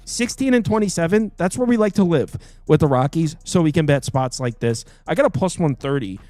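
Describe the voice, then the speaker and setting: A man's voice: fairly high pitch, expressive, brisk, a little mellow, no echo, faint music behind. A man hosting a live sports betting show, talking casually, rambling and correcting himself as he jokes with co-hosts. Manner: rambling, self-correcting, joking.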